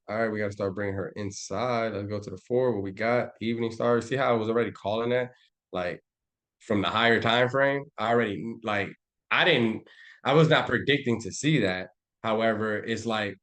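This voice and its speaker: A man on a live stream breaking down trading charts in a loose, slangy, profane and animated way. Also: lowish voice. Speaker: trading educator.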